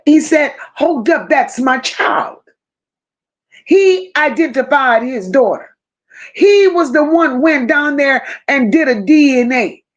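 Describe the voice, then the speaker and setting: Female live-stream host, unhurried, repeats her points, addresses chat by name. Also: high voice. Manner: emphatic, repeats phrases, chats to viewers by name. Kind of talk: casual live-stream commentary.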